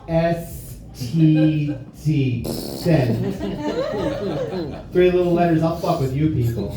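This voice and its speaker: Brash young guy doing stand-up, kinda high voice, echoey far-off bar room with laughing crowd. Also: noisy background. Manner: brash, profane, self-mocking. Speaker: stand-up comedian. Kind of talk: stand-up comedy set. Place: bar comedy stage with live audience. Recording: roomy distant live recording with crowd.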